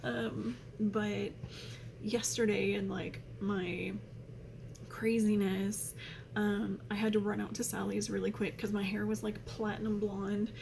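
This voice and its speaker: A woman's voice: mid-range voice, flat delivery, takes it slowly, creaky, noisy background. A young woman chatting casually to camera at home, rambling with many fillers, her nose running. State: runny nose. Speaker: vlogger. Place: home room.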